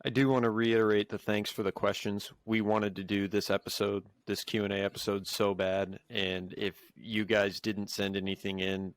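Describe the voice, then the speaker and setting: A man co-hosting a podcast, thanking listeners in a sincere, halting way. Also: fairly low pitch, flat delivery, no room sound. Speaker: podcast co-host. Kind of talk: casual chat.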